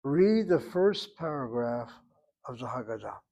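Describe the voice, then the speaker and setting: A man's voice: medium pitch, very animated, measured pace, gravelly, dark tone. Man teaching Hebrew grammar step by step. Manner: explains grammar step by step, calls on students by name. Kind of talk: online class instruction.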